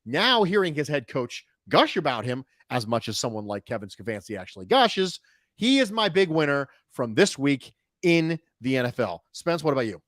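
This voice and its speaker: A man hosting a casual sports podcast, talking in an animated way with quick jokey asides. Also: mid-range voice, no echo, clean studio sound. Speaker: show host.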